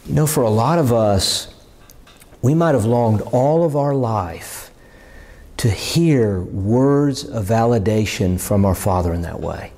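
A man's voice: on the low side, animated, takes it slowly, warm tone. A man preaching a sermon in an earnest, emphatic way, often repeating words as he builds a point.

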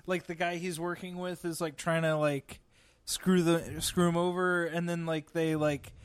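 A man's voice: fairly high pitch, flat delivery, a little slow, a crowd in the background. A young man in casual chat, hesitant and asking questions to follow the story.

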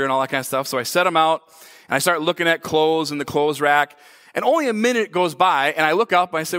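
Guy pastor preaching, high voice, acts out the yelling in his stories, echoey church hall. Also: fast. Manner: animated storytelling, acts out his own shouts. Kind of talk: sermon. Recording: long hall reverb.

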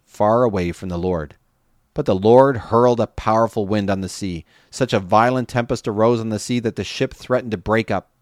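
A man with a low voice reading scripture in a measured, steady narration. The sound is close and dry, with no room around it. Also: no room sound. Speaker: scripture reader.

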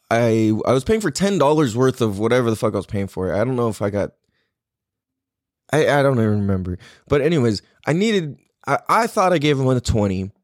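A man's voice: mid-range voice, dry recording, clean studio sound. A man hosting a podcast, telling a story in a casual, profane, slangy way, rambling with restarts. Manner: animated, voice jumps up when riled. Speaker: podcast host.

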